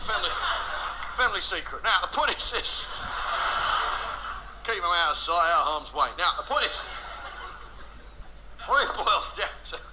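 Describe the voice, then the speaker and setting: A man's voice: high voice, expressive, normal speed, pauses often, noisy background. A man doing a stand-up comedy set, swearing and teasing the crowd. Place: live comedy venue.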